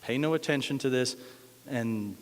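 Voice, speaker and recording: A man voicing a dismissive older king in a retold myth, talking slowly. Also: mid-range voice, lightly acted. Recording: echoey hall.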